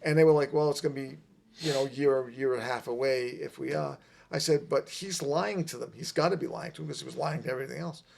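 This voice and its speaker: A middle-aged man telling a long personal story on a podcast, emphatic and animated, repeating his points. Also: mid-range voice, fast, creaky. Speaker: podcast guest. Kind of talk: casual storytelling.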